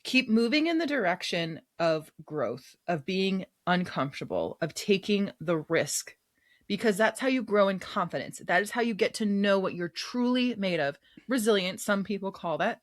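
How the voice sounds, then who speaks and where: A woman podcast co-host who speaks in a reflective, affirming way. Her pitch moves a lot, giving her an expressive sound. She talks like a counselor chatting casually. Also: normal speed, dry recording, studio quality. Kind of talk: casual chat.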